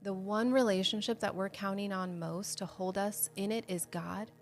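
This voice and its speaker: In a steady, mid-range voice at a moderate pace, the host of a Bible study show leads a livestreamed devotional teaching. She talks earnestly and candidly with her viewers about her own faith struggles while faint music plays in the background.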